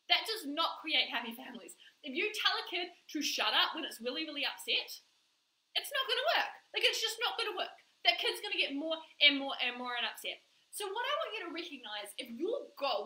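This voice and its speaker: A woman's voice: sits high, bright, forceful tone, reverberant, poor audio. A woman coach giving an emphatic live-streamed motivational talk, repeating words for stress. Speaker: manifestation coach.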